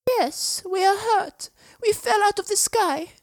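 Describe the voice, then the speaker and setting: A man reading a story aloud voices a frightened young girl hiding in the jungle, pleading and alarmed in a high voice. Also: slow pace, dry recording, clean studio sound, heavily acted.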